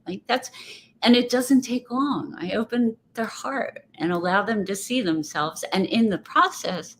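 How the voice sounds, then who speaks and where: A woman's voice: mid-range voice, animated, normal speed. A woman guest speaking in a casual interview, reflective and rambling, often restarting her thoughts. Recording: faint background noise.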